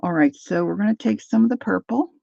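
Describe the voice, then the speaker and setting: A woman's voice: mid-range voice, brisk, creaky, warm tone, dry recording, dull audio. A woman hosting a casual live crafting demo, chatting as she thinks aloud and answers viewer comments. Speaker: craft livestream host.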